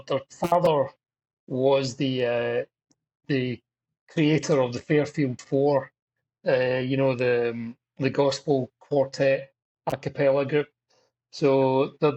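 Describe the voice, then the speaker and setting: A middle-aged Scottish drummer, chatting as a guest in a casual interview, rambling through stories with self-deprecating humor. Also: male voice, medium pitch, darkish tone, rough recording. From Scotland.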